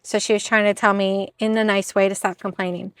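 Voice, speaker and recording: A woman's voice: mid-range voice, little pitch movement, fairly quick, clean tone, no room sound, studio quality. A woman chatting casually in a haul video, bubbly and self-deprecating as she shows her thrift finds. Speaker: reseller vlogger.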